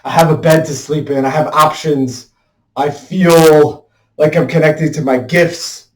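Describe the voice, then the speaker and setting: A man's voice: fairly high pitch, steady tone, measured pace. Swearing man venting in an echoey room. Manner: swears heavily, vents frustration in bursts. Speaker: self-expression video maker. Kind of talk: raw emotional monologue. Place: room indoors. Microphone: headphones with mic.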